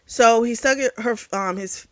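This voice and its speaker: A woman's voice: a little high, unhurried, clean tone, no room sound. A woman reviewing a book, casually retelling its plot in a candid, rambling way with frequent fillers and self-corrections. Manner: candid and chatty, frank about explicit scenes.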